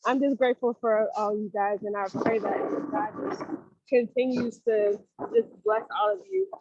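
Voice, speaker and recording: A woman talking on a phone video call while walking home outdoors, halting and emotional as she thanks the group. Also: a little high, background noise. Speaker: new member on a group call. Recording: dull, lo-fi phone audio.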